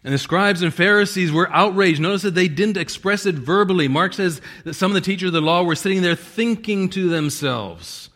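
A man's voice: high voice, expressive, fairly quick, few pauses, fairly bright tone. A male pastor preaching a sermon, reading scripture with strong emphasis and chuckling now and then.

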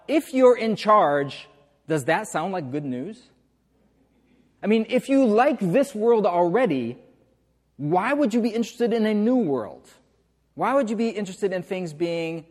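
A man preaching a relaxed, conversational sermon in a church, full of fillers and rhetorical questions. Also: sits high, in a large hall. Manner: chatty, uses hesitant fillers and rhetorical questions. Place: church sanctuary.

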